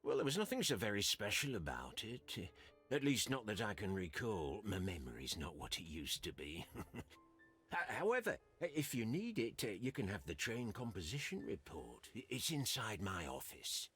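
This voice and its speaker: An actor playing an elderly, forgetful and obliging station master who talks in a husky, hesitant, stammering way in a video game. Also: male voice, lowish voice, sing-song, normal speed, fairly bright tone, soft background music, full character voice. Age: older.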